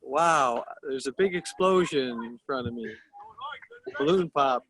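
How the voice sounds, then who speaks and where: A man's voice: medium pitch, measured pace, a bit bright, low-quality recording. A man joining a video call workshop, chatting casually and playfully. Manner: playful, laughs easily. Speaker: webinar participant. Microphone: computer mic on a video call.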